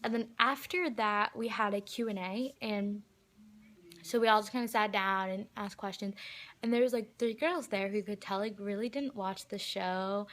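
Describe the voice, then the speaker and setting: A young woman vlogging an excited fan storytime, gushing and full of fillers. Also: medium pitch, moderate pace.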